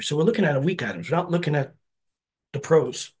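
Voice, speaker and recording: A fast-talking man with a slightly high, husky, darkish voice gives an expressive personal share at a recovery meeting. He stays earnest and conversational, frequently checking in with listeners by asking "right?"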